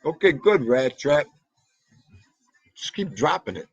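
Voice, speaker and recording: New York male host, husky, slow easygoing delivery, lively pitch swings, dry close mic, reading chat names. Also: no echo, lo-fi sound. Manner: chatty, shouts out viewers by name, jokey. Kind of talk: casual livestream chat.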